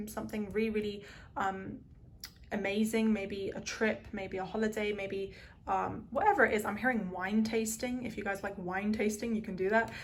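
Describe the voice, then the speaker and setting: A woman's voice: mid-range voice, slight background noise. A woman giving a pick-a-card tarot reading to her viewers, earnest and emotional, rambling with lots of "um" and "like". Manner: rambling, full of "um" and "like".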